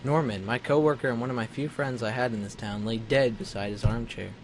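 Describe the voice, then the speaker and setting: A man's voice: medium pitch, fairly even intonation, a little fast, slight background noise, rough recording. A man hosting a let's play with a slight lisp from a mouth sore, casually reading game text aloud with hesitant, self-correcting, wry asides.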